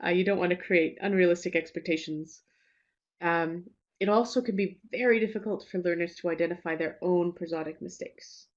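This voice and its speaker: Woman, teacher trainer, webinar talk; lowish voice, relaxed and reassuring, many fillers; slightly muffled video-call sound. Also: fairly quick. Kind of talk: webinar presentation. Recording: slightly dull lo-fi webinar audio.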